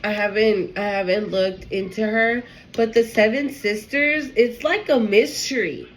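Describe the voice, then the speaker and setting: A woman's voice: medium pitch, a little slow, slight background noise, low-quality recording. A woman doing a casual spiritual tarot reading, emotional and swearing freely as she talks straight to the viewer. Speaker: tarot reader.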